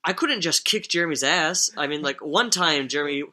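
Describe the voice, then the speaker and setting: A man's voice: a little high, lively intonation, fairly quick, pushed and bright. A young man telling stories on a casual podcast, rambling and swearing, often laughing as he talks. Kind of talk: casual storytelling chat.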